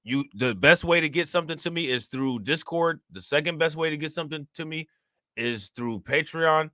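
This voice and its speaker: Man, commentary host, bright forceful voice, indignant, dry close sound. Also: a little high, moderate pace, no room sound. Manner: animated, indignant, talks straight to viewers. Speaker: host reacting to news clips. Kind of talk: casual commentary.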